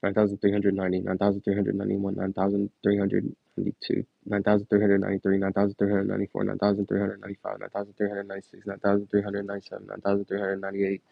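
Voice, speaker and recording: Gravelly low-voiced young man, laid-back streamer, counting aloud, dull dry earbud mic. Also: completely flat delivery, quick pace, no room sound. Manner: laid-back, says "like" a lot, trails off. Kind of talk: counting aloud on a livestream, chatting with viewers.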